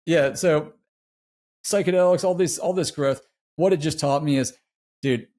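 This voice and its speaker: With a slightly high, darkish voice at a moderate pace, a middle-aged man tells his own story on a podcast. He's laid-back and slangy, sprinkling in "dude," and the casual interview storytelling feels heartfelt and confessional.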